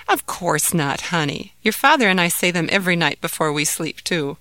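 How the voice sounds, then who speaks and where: A woman voicing a gentle, loving mother who soothes her frightened son in a read-aloud story, speaking softly and reassuringly. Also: fairly low pitch, big pitch swings, moderate pace, dry recording. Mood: soothing. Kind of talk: storybook character reading.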